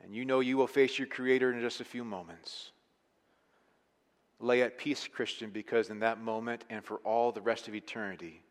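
A man preaching a sermon as pastor, emphatic, moving between hushed and forceful delivery. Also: mid-range voice, fairly even intonation, normal speed. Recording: long hall reverb.

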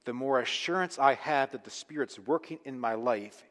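A man preaching a sermon, earnest and emphatic, swinging between quiet, intimate lines and loud, pressing ones. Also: mid-range voice, moderate pace. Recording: long reverb of a large hall.

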